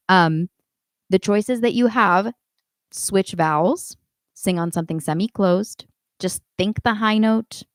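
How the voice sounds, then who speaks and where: A woman teaching a live online singing class, giving calm instructions and demonstrating warmup sounds herself. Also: mid-range voice, no room sound. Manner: coaching, demonstrates vocal exercises between instructions. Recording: dry close sound with faint piano.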